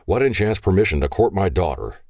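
A man's voice: low voice, very animated, quick pace, a little mellow, dry recording, clean studio sound, pitched above the performer's own voice. A man doing a furious, growling father. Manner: stern, growling, commanding. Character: furious protective father, gruff and commanding.

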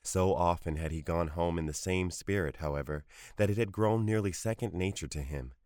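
A man reading a short story aloud in a measured, even storytelling manner. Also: deep voice, dry recording, clean studio sound. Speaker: narrator.

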